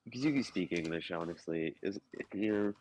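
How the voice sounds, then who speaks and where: Chill guy player, lowish voice, typing in the background. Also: expressive, moderate pace, darkish tone, slight background noise.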